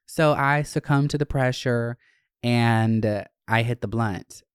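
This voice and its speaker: A young man casually telling a profane, animated personal story. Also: medium pitch, slow, smooth, no room sound, clean studio sound. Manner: profane, animated, acts out quoted voices.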